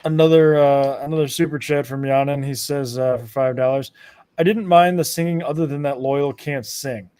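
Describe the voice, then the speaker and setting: A man co-hosting a casual podcast, talking haltingly with many pauses, also reading out viewer donations. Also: medium pitch, fairly even intonation, mellow, clear, resonant tone. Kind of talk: casual chat.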